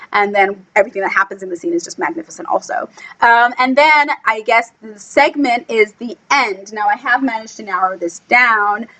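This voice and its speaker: A woman chatting casually in a film review vlog, gushing and excitable, full of "like" fillers, acting out quotes with sudden squeals. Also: poor audio. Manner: acts out quotes with sudden high squeals and whispers. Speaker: book blogger reviewing a film. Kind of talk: casual chat.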